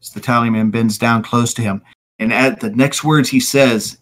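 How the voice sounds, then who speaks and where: A man's voice: mid-range voice, fairly even intonation, moderate pace. A man narrating as game master, vividly describing scenes with occasional fillers.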